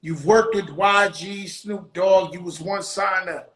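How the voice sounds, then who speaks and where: A man's voice: high voice, fairly even intonation, a little slow, a bit bright. Brash hype-talking man in an echoey room. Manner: brash, swears freely, hype talk. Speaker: host. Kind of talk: casual interview on a livestream.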